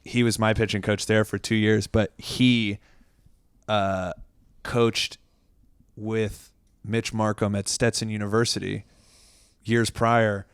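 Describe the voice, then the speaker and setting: A man's voice: lowish voice, level tone, takes it slowly, smooth, no room sound. A young man, a comedian and podcast guest, chatting casually and rambling with lots of "like" and "um". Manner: rambling, heavy use of "like" and "um". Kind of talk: casual interview chat.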